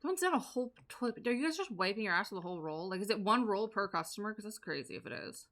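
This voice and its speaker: A woman's voice: mid-range voice, lively intonation, quick pace, fairly bright tone. A young woman streamer giving casual, sarcastic live commentary as she plays a game and banters with her chat.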